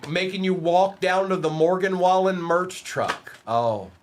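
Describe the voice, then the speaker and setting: A man hosting a live-stream card break, reading off player names quickly and teasing viewers between bursts of excitement. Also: high voice, a little hiss or hum.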